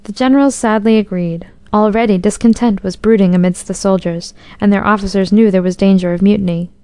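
Mellow-voiced woman reading a storybook. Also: medium pitch, steady tone, fairly quick, smooth, dry recording, studio quality. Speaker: narrator. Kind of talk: storybook narration.

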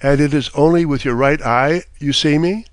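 Brief: sly, smooth storybook fairy man, read by a man, higher voice, close dry sound. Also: normal speed, dry recording, close to an everyday voice. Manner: smooth, unruffled.

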